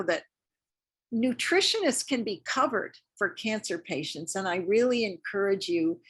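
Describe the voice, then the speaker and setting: A woman's voice: medium pitch, fairly bright tone, breathy edge. An older woman lecturing at a community health talk, chatty and encouraging, often repeating herself for emphasis. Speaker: lymphedema lecturer. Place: community center lecture room.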